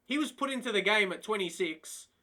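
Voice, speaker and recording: A man with a high-pitched, brisk voice live-streams a football management game. He's excitable, chatting to his viewers, laughing and exclaiming in disbelief in casual commentary.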